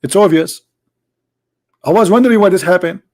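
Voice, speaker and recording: A man's voice: high-pitched, normal speed, darkish tone. Sarcastic man hosting a live debate. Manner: mocking, sarcastic, theatrical. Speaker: debate host.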